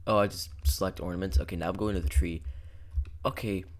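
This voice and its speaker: A young man giving rambling, profane, jokey commentary while playing a horror game, breaking into sudden shouts. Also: sits low, steady tone, fast talker. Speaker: gaming YouTuber. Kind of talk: casual let's-play commentary.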